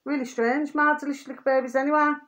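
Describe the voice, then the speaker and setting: She has a high, level voice with a fairly bright tone and talks fast. A woman vlogger, she rambles repetitively through a casual monologue to her viewers, frequently irritated, venting, returning to pet phrases and asking "do you see what I mean."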